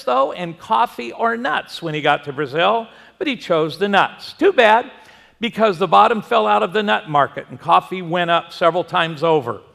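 A male pastor with a high, gravelly voice delivers a sermon in a church. He tells stories in a folksy way and puts questions to his listeners. Long reverb from the hall trails each phrase. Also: fairly bright tone. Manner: folksy storyteller, asks the congregation questions. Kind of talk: sermon with storytelling.

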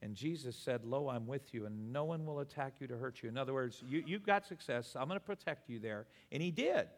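A man's voice: mid-range voice, fairly quick, big-room sound. A male pastor telling a story in a sermon, acting out the quoted dialogue with animation. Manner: animated, acts out quoted dialogue, laughs between lines.

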